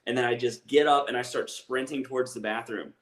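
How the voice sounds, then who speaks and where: A man's voice: mid-range voice, steady tone, a little fast. A young man with an Appalachian accent, a comedian telling a rambling, self-deprecating story in casual chat. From East Tennessee. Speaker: comedian guest. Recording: echoey room.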